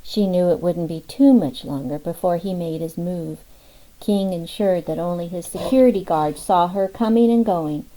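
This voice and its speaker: A woman narrating an audiobook in a measured, expressive way. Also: fairly low pitch, poor audio. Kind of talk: scripted narration.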